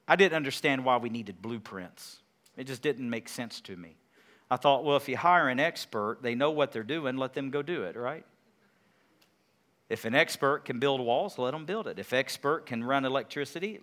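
A man preaching a sermon as pastor, moving between quiet, conversational teaching and loud, emphatic declarations. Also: mid-range voice.

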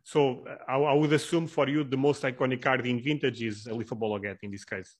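Man, podcast host, hesitant, restarts often, mid-range pitch. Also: steady tone, a little fast. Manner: hesitant, many restarts and fillers. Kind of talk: casual podcast interview.

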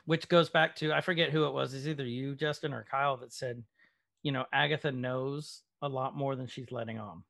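A man's voice: mid-range voice, fairly even intonation, fairly quick, gravelly, a bit bright. A man co-hosting a podcast, casually recapping a TV episode and leading the discussion with many fillers. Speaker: podcast co-host.

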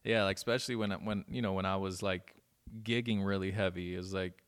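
A man's voice: low-pitched, steady tone, a little fast, clear, resonant tone. A man in his thirties, a guest DJ in casual chat, talking loosely with lots of swearing and restarts. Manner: loose and profane, many restarts.

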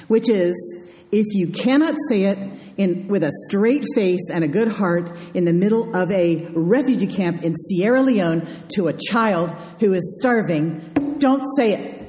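A woman's voice: mid-range voice, dark tone. A woman minister giving a conversational sermon with wry, dryly humorous asides, in a large sanctuary. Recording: echoey hall sound.

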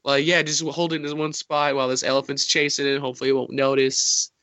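A man's voice: mid-range voice, level tone, fast talker, fairly bright tone, dry recording. A man co-hosting a podcast, rambling through a silly hypothetical with lots of fillers. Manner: rambling, filler-heavy speculation. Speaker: podcast co-host. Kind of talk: casual chat.

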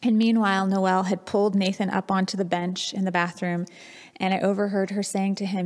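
A woman pastor in her thirties delivers a sermon at an ordinary middle pitch. She tells stories in a candid, reflective way. Her voice rings out with a long hall reverb around it. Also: flat delivery, a little fast, darkish tone. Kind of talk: sermon with personal storytelling.

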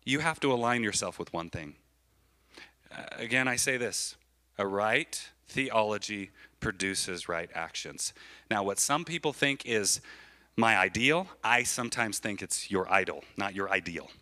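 A man preaching a sermon as a pastor in church, animated and repetitive, often checking in with his listeners. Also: lowish voice, a little slow. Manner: animated, repeats phrases, keeps asking the crowd "right?".

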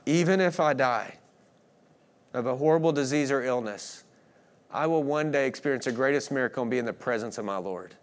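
A man preaching a sermon, earnest, swinging between emphatic declarations and hushed moments. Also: medium pitch, brisk. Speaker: pastor.

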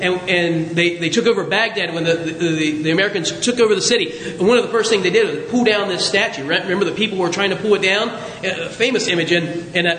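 A male pastor preaches a sermon full of lively storytelling, jokes and asides. It was recorded in an echoey hall with a faint rumble.

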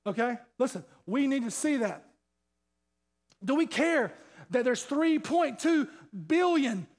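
A male pastor preaching a sermon, fired up, firing off rhetorical questions and repeating himself. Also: extremely high pitch. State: sweating.

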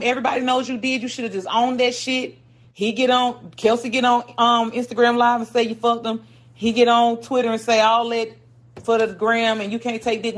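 A woman chatting on a casual podcast, spinning celebrity gossip and jumping into other people's voices as she tells it. Her voice sits a little high, and she swears freely. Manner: animated storytelling, acting out quotes, heavy profanity. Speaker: podcast co-host.

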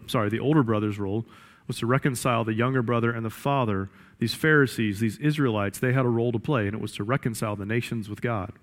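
Emphatic preacher in an echoing hall. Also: male voice, medium pitch. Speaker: pastor. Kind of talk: sermon. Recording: echoey hall reverb.

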